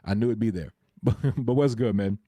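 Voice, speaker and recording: Man, live-stream host, casual chatty delivery, chuckles a lot, lowish mellow voice, dry close sound. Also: fairly quick, no echo. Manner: laughs often, greets and answers chat.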